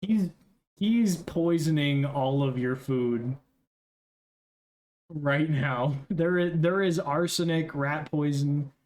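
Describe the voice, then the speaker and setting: A man's voice: on the high side, takes it slowly, darkish tone. A young man narrating as game master, casual and rambling, with many fillers.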